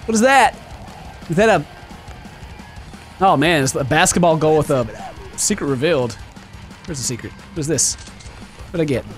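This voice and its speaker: A man hosting a let's play, commentating excitably, yelling at enemies and laughing often. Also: on the high side, moderate pace, pauses often, faint music behind. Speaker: gaming video host.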